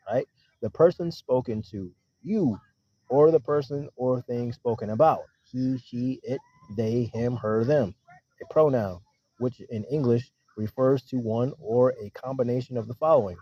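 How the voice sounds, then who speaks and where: A man with a mellow, husky voice gives an informal sermon, talking straight to his listeners and slowing down whenever he reads a verse. The sound is dull and lo-fi, in a dry space. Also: medium pitch, no echo. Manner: conversational, keeps checking in with listeners, reads verses slower. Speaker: street preacher teaching scripture. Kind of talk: casual sermon with scripture reading. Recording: dull lo-fi recording.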